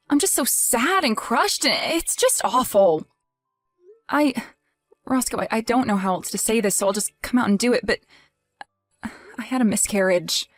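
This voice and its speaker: A woman's voice: high voice, no echo. A woman playing a grieving, indignant young wife in a voiced text-message drama, emotional and accusing.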